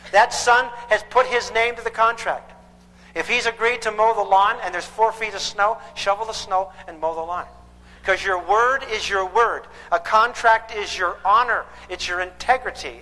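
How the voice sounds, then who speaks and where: Male parenting counselor, lecture style, bright and high, emphatic, echoey hall. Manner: emphatic, quizzes the audience with repeated questions. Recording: echoey hall with long reverb.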